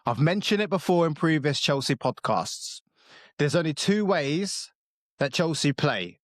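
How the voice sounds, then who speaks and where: A man's voice: fairly high pitch, big pitch swings, a little slow, no room sound, clean studio sound. A man co-hosting a football podcast, talking bluntly, swearing and joking in casual chat.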